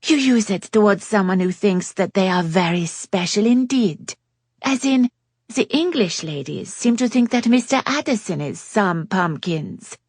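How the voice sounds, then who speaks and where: Worldly flirt with a French lilt, read by a woman narrator, breathy and close-miked. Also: animated, no room sound. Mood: teasing. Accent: put-on French. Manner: playful, drawn-out, high and lilting.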